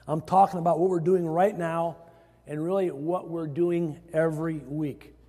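A man's voice: fairly high pitch, fairly even intonation, normal speed, dark tone. A man from Iowa, a pastor preaching a sermon to his congregation, stressing phrases as his voice rises. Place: church sanctuary. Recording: hall reverb.

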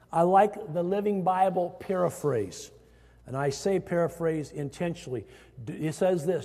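A man's voice: high-pitched, moderate pace, warm tone. A man from Iowa, a pastor preaching a sermon to his congregation, stressing phrases as his voice rises. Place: church sanctuary. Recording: hall reverb.

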